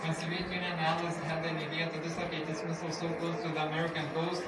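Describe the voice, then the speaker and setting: A man guiding a tour group through a museum, explaining history in halting English. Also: on the high side, completely flat delivery, very noisy. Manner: explanatory, slightly halting non-native phrasing. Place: indoor museum hall. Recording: distant echoey room with loud music.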